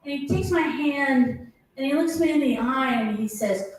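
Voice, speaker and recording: A middle-aged woman performing a stand-up comedy set, animated, dropping lower to mimic her husband. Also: normal speed. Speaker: stand-up comic. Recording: roomy echoing venue, mic heard from a distance.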